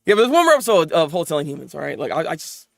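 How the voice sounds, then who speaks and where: A man reviewing anime episodes in casual, animated chat, venting and rambling as he goes. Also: a little high, vocal fry, no room sound, studio quality. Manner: animated, rambling, quick to vent.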